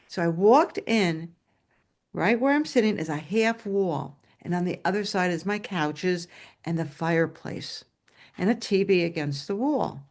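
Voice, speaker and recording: A woman storyteller telling a personal tale aloud over a video call, animated and dramatic. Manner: animated and dramatic, shouting at high points. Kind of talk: live oral storytelling.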